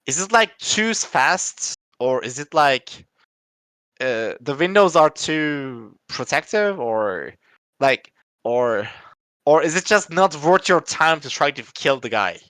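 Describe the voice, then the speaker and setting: Bright, clear-voiced man thinking aloud. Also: on the high side, sing-song, no room sound. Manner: halting, restarts often, thinks aloud. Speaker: game developer. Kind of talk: casual podcast chat.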